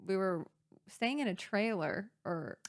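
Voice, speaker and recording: A woman's voice: medium pitch, lively intonation, unhurried. Chatty young woman hosting a casual podcast. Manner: chatty, giggly storyteller. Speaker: podcast host. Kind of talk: casual sister chat.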